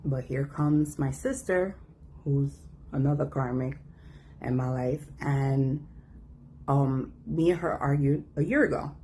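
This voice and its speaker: A woman telling a personal story in a casual, animated way, acting out the voices of the people in it. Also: very deep voice, slow pace, slight background noise. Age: adult. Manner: animated, acts out quoted voices.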